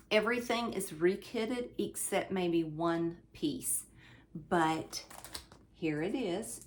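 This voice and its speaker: Slow-talking, low-voiced woman hosting a craft chat. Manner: chatty, frequent ums and restarts, addresses viewers as "you all". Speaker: cross-stitch channel host. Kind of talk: casual show-and-tell chat. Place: indoors at home, fan running.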